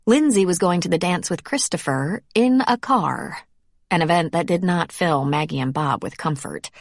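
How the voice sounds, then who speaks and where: A woman narrating a romance audiobook in a measured, even way. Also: on the low side, no echo, studio quality. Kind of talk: scripted narration.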